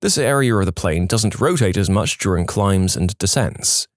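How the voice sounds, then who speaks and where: A man narrating posts from an online forum, reading them in a lively, expressive way with a touch of playful sarcasm. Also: deep voice, normal speed, no room sound, studio quality. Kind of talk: storytelling narration.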